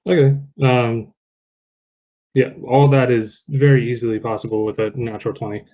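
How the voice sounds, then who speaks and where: Casting: easygoing dungeon master, mellow voice, lots of "um"s, a man. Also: mid-range voice, normal speed, dull audio. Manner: relaxed, filler-heavy narration. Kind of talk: narrating a tabletop game online.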